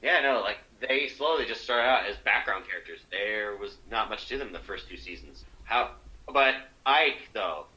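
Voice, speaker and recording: A man with a bright, forward voice chatting on a podcast. He sounds enthusiastic, leans on "like" and "you know," and swears freely. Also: on the low side, expressive, normal speed, poor audio. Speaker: podcast co-host. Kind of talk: casual chat.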